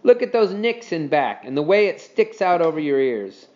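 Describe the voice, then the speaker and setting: Man doing a mocking kid in a storybook, high and sing-song, a bit muffled. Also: very animated, normal speed, a little mellow. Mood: taunting. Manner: taunting, jeering. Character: teasing boy Scooter, smug and mocking.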